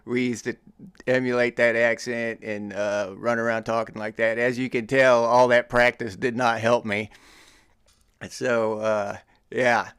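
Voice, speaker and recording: A man's voice: medium pitch, level tone, measured pace, fairly bright tone, smooth, no room sound, studio quality. A middle-aged American man hosting his own show, teasing and joking in casual commentary with frequent chuckles. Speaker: podcast host.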